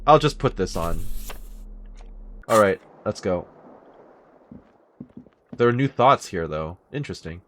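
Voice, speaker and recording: A man's voice: sits low, expressive, a little slow, long pauses, slight background noise. A man casually commenting on a video game as he plays, reading dialogue aloud with chatty, jokey asides. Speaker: let's play host.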